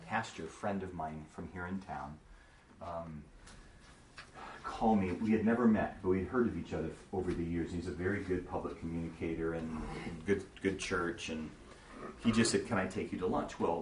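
A man pastor teaching a congregation in a relaxed, conversational sermon style, telling stories with asides to his listeners. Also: deep voice. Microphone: distant mic. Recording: echoey room from far off, faint noise.

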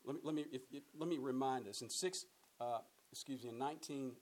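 A man's voice: medium pitch, fast, a little mellow, rough recording. A man teaching a Bible study in a conversational way, often repeating words and putting questions to his listeners. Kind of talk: sermon-style Bible teaching.

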